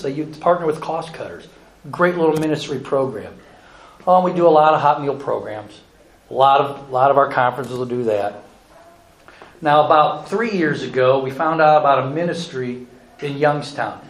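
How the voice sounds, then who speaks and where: A man giving a folksy, earnest presentation about charity work, telling stories to an audience. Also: medium pitch. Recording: echoey room with faint ambience.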